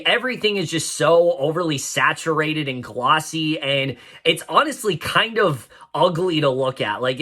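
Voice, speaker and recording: Bright-voiced young man reviewing a film. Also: fairly high pitch. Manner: frank and exasperated, with frequent fillers and restarts. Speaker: movie reviewer. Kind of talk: casual spoken film review.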